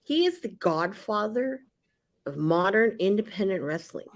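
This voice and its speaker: A woman's voice: mid-range voice, animated, measured pace. A woman co-hosting a casual wrestling podcast who talks with emphasis and enthusiasm and swears freely. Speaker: podcast co-host. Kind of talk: casual chat.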